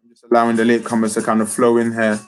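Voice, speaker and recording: A man's voice: medium pitch, monotone, rapid-fire, faint music behind, poor audio. A man, a motivational speaker and youth coach, hosting a live stream talk, upbeat and repeating phrases as he addresses viewers directly. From United Kingdom.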